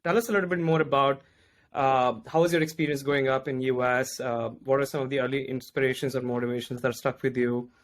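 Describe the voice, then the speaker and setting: A man hosting a podcast interview, asking questions in halting bursts full of restarts. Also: medium pitch, steady tone. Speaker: podcast host. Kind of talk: casual interview chat.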